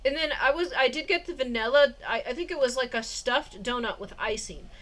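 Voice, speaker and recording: A woman's voice: high voice, fairly quick, a bit bright. A woman vlogger telling a personal story in a rambling way, with restarts, fillers and short suspicious laughs.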